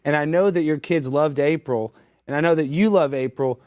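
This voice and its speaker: A man's voice: fairly high pitch, normal speed, a little mellow, no echo. A man interviewing a guest, firing off probing questions.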